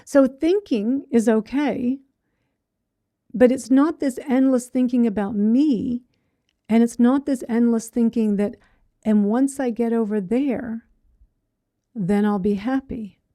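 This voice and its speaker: Woman, dharma talk, mellow slightly high voice, dry close sound, chatty. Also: takes it slowly, pauses often, no echo. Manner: conversational, voices inner thoughts in quotes, frequent "right?". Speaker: meditation teacher.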